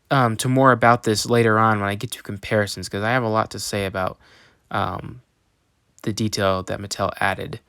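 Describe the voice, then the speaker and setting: Young male toy reviewer, excitable and halting, dry close sound. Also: lowish voice, clear, resonant tone, no room sound. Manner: enthusiastic, many ums and restarts. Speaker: toy reviewer, channel host. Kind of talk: casual review to camera.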